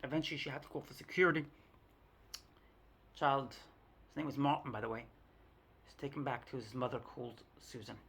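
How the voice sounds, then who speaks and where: Gravelly, chatty woman vlogger. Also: extremely low pitch, brisk, pauses often. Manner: chatty, self-mocking, talks to the viewer. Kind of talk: casual storytelling monologue.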